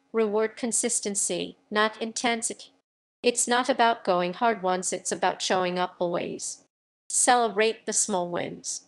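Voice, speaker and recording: A woman's voice: mid-range voice, creaky. A woman reading a motivational self-help audiobook in a firm, emphatic way, with short punchy sentences. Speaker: audiobook narrator. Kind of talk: scripted motivational narration.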